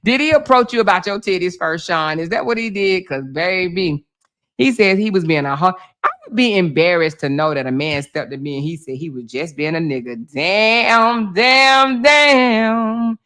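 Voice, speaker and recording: Woman with aave spilling tea on a livestream, loud laughs, bright edge to her voice. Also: on the low side, fairly quick. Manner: animated, laughs often, swears freely, talks straight to chat. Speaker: livestream commentary host. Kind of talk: casual gossip commentary.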